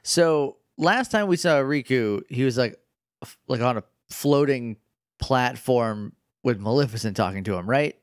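A man's voice: mid-range voice, expressive, a little slow, dry recording. Wry man asking questions, dry mic. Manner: wry questions, laughs often. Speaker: podcast co-host. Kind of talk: casual chat.

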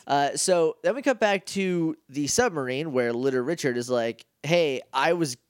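A young man co-hosting a podcast, casually recapping a show with jokes and quick quoted voices. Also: on the high side, clear, resonant tone, no echo, studio quality. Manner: joking, retells scenes with quick quoted voices. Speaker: podcast co-host. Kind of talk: casual comedic recap chat.

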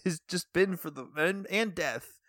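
A man co-hosting a podcast, tossing in quick jokes and laughing often while they recap a show. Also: high-pitched, fairly bright tone, no echo, clean studio sound. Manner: quick jokey interjections, frequent laughter. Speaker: podcast co-host. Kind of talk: casual chat recapping a show.

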